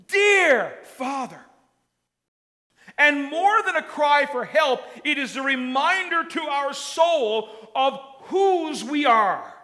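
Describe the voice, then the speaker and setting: A male pastor preaching a sermon and leading a closing prayer, swinging from loud impassioned cries to hushed near-whispers. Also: extremely high pitch. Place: church sanctuary. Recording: long church hall reverb.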